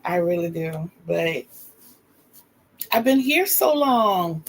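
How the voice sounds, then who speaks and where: A woman's voice: on the low side, lively intonation, slow pace, low-quality recording. An older woman in her sixties from North Carolina with a Southern accent, chatting casually and homey on her livestream as host.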